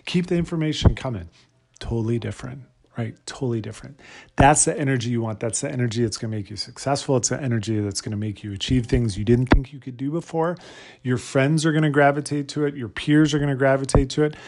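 A man's voice: mid-range voice, fairly even intonation, quick pace, a little mellow. A man hosting a solo motivational podcast, talking energetically and asking his listeners lots of rhetorical questions. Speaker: podcast host.

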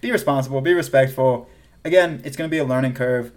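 A Southern-accented man co-hosting a casual podcast. He talks in an animated way, laughs often, and trails off and restarts as he goes. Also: medium pitch, fast talker. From American South. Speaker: podcast co-host. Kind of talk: casual chat.

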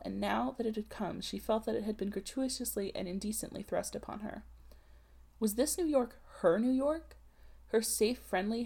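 A woman narrating a classic novel in a measured, literary audiobook reading. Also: mid-range voice, gravelly, a little mellow, husky.

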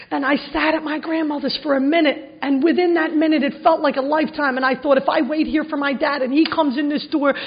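A middle-aged woman with a high voice tells her recovery story to a room, earnest and emotional, breaking it up with self-mocking jokes. Her stays strong throughout. The recording sounds dull and lo-fi. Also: fairly even intonation, fairly quick, hardly any pauses. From Philadelphia, USA. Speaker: recovery meeting speaker. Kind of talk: personal testimony talk to an audience.

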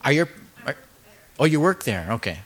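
A man's voice: mid-range voice, very animated, normal speed, noisy background. A man hosting a radio talk show, joking and teasing his guests with dry banter into a studio microphone. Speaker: host.

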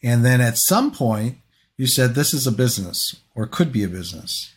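Male podcast host, mid-pitched, a little husky, easygoing interviewer. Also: expressive, moderate pace. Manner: easygoing, sums up the guest's story.

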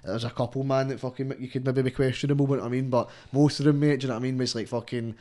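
A young Scottish man, a rapper, telling stories in a rambling, animated, sweary way during a casual podcast chat. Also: mid-range voice, rapid-fire. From Scotland. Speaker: rapper guest.

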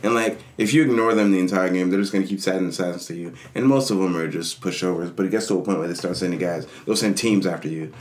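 A man chatting casually about a video game, telling stories with lively energy and acting out characters in funny voices. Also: low voice, quick pace, few pauses. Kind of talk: casual gaming chat.

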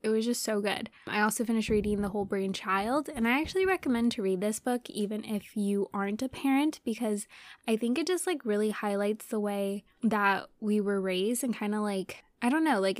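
A young woman talks on her podcast in a loose, rambling way, dropping "like" every few words. Her voice sits at an ordinary pitch for a woman. The sound is dry and close, with no room around it. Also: no room sound. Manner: filler-heavy, rambling, lots of "like". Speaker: podcast host. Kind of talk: casual spiritual podcast talk.

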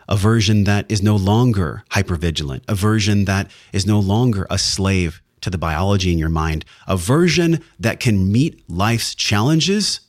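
A man's voice: deep voice, no echo, clean studio sound. A man hosting a wellness podcast, speaking in an earnest, heartfelt monologue with emphatic, sometimes profane emphasis. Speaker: podcast host.

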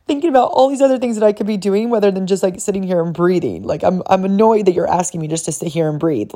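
A woman's voice: medium pitch, quick pace, mellow. A woman hosting a personal faith podcast, talking candidly and reflectively, with frequent "like"s and bursts of laughter. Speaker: podcast host.

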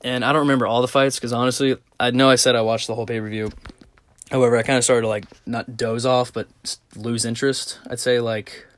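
A man's voice: medium pitch, fairly bright tone, dry recording. A young man talking casually in a rambling monologue, swearing often and filling gaps with "like" and "um". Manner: rambling, profane, lots of "like" fillers. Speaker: vlogger.

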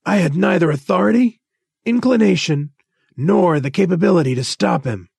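A man's voice: sits high, expressive, normal speed, vocal fry, a little mellow, slightly rough, no echo, clean studio sound, voice pushed up, exaggerated voice. A man voicing a testy, evasive male spaceport official in a read-aloud story, with an offhand manner.

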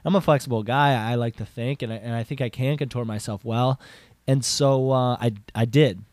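A man's voice: moderate pace, no room sound, clean studio sound. Rambling young man telling a story. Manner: rambling, filler-heavy with frequent "like" and restarts; animated, jumps up in pitch for emphasis. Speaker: podcast host. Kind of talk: casual storytelling monologue.

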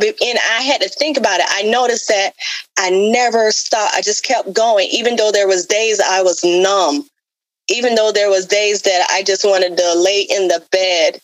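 Woman, interview guest, heartfelt testimony, spiritual, earnest, repetitive, medium pitch, dry close sound. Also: fairly even intonation, normal speed, no echo, rough recording. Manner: earnest, repetitive, with many fillers; openly spiritual. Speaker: guest sharing her life story.

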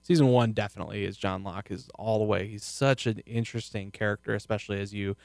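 Guy w a lowish gravelly voice chatting about a show, keeps restarting and trailing off. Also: fairly even intonation, fast talker, no room sound. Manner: rambling, restarts often, trails off quietly. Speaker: podcast co-host. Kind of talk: casual chat about a TV show.

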